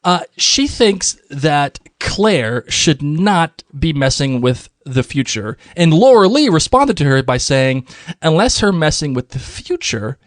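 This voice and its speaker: A man's voice: a little high, unhurried, no echo, studio quality. A man co-hosting a podcast, chatting enthusiastically and reading out listener messages. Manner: enthusiastic, animated, restarts often. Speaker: podcast co-host. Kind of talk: casual chat reading listener feedback.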